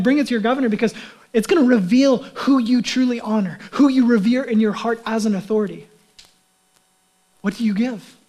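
A man's voice: high-pitched, darkish tone. A man, a pastor, giving a conversational sermon and acting out the voices he quotes.

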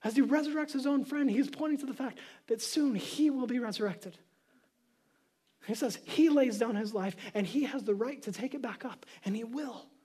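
A male pastor giving a sermon, moving from casual storytelling to loud, emphatic preaching. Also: very high-pitched, moderate pace, breathy edge.

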